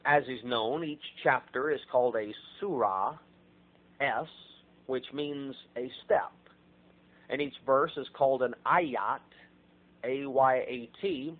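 An American man delivers a radio sermon at a middle pitch, pausing to spell out foreign words one letter at a time. His voice climbs and gets louder as he presses home his points. The recording is thin and tinny, like a phone line. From United States. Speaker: preacher.

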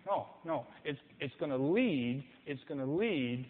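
A man's voice: on the high side, animated, a little slow, noisy background. A man preaching a sermon with passion, acting out the people he quotes. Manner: impassioned, mimics people in quoted voices. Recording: echoey hall, tinny phone-like sound.

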